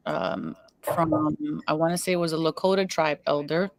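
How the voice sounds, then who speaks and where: A woman's voice: low voice, no echo. A woman hosting an online spiritual talk show, telling a personal story in an earnest, chatty way. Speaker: show host. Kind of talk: spiritual interview chat.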